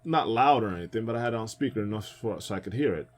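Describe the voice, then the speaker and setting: A man's voice: on the low side, expressive, rapid-fire, faint music behind. Chatty young male game streamer. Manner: rambling, chatty anecdotes with frequent laughs and fillers. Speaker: gaming streamer. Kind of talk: casual let's-play storytelling.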